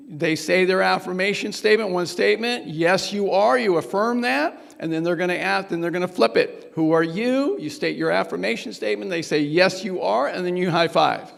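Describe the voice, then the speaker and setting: A man's voice: high-pitched, vocal fry, fairly bright tone, in a large hall. A man leading a workshop group exercise, coaching and urging the room on with energy. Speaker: workshop presenter.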